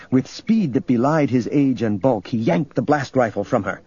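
Husky male audiobook narrator. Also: medium pitch, expressive, moderate pace, warm tone, lo-fi sound. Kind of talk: scripted narration.

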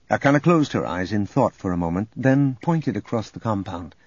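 A man narrating an audiobook in a dramatic, lively reading. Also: lowish voice, moderate pace, hardly any pauses, breathy edge, dry recording. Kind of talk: scripted narration. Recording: dull audio under loud music.

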